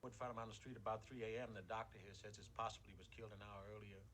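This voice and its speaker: A gruff Southern police chief, played by a man, fires off hurried, bossy orders. His voice comes through noisy old film audio. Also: fairly low pitch, flat delivery, a bit bright, lightly acted.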